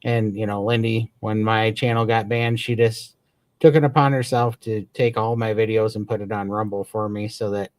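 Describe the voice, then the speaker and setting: A man's voice: fairly low pitch, fairly even intonation, normal speed, no echo. A man co-hosting a casual livestream chat, talking with eager, grateful enthusiasm and rambling restarts. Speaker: podcast co-host.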